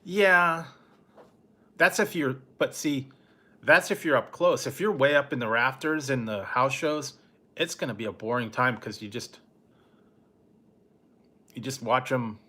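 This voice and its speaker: A middle-aged man chats on a late-night live stream, in a bright, forward tone at an ordinary pitch. He rambles through a story in a laid-back way, chuckling softly as he goes, and stops now and then to answer his chat. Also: measured pace, long pauses. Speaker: food review channel host.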